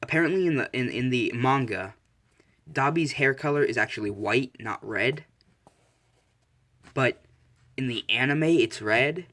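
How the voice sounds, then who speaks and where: A man's voice: mid-range voice, expressive, a little slow, pauses often, a bit bright. A young man casually narrating a made-up fan story, rambling and correcting himself.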